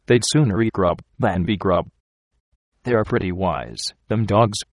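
A practical, doubting frontier traveler, as a man voices him, blunt and plain in his backwoods speech. The voice is low and the recording dry and close. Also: measured pace, dry recording.

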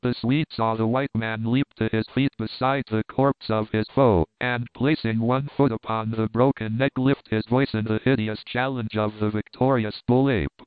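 Male audiobook reader, smooth clear voice, tinny phone-like sound, dry. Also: lowish voice, dry recording. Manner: steady, measured reading. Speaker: audiobook narrator. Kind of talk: scripted narration.

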